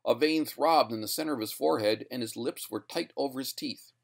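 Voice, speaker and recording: A man narrates a short story in an even, measured voice of middle pitch. His reading is steady and scripted, carrying the plot along without hurry. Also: creaky.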